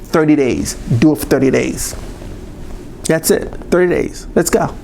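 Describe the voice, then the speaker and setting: A man's voice: a little high, measured pace, vocal fry, darkish tone, slight background noise. A man giving a motivational talk to camera, emphatic and repetitive in a pep-talk manner. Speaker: motivational speaker.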